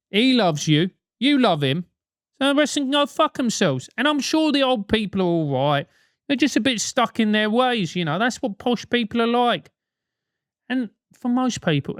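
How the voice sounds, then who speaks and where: A man's voice: high voice, a bit bright, no echo, clean studio sound. A British man hosting a comic advice show, talking bluntly with lots of swearing and mockery. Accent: British English. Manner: profane, blunt, mocking.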